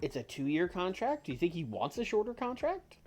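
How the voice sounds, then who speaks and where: Dry, teasing man with a lively voice. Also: high-pitched, fairly quick. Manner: dry, teasing, bursts of laughter. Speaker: co-host of a game stream. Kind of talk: casual chat over a wrestling sim game. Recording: faint music behind.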